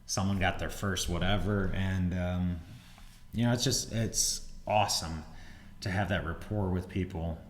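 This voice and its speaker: Low-voiced gym owner guy rambling on his podcast, roomy echo. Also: unhurried. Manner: relaxed, rambling, acts out quotes with a raised voice. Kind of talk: casual podcast chat. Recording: roomy echo with faint ambience.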